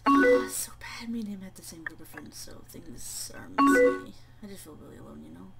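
A woman's voice: medium pitch, huge pitch swings, brisk, creaky. A woman reading a game's chat messages aloud and reacting live, swearing and laughing between lines. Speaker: let's play gamer. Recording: loud game music behind, mic at a distance.

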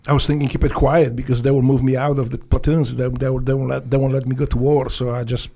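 A man with a Polish accent, speaking as a podcast guest and telling animated, profane stories in English that is not his first language. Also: mid-range voice, quick pace, vocal fry. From Poland. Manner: profane, animated storytelling with non-native grammar. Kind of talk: casual storytelling.

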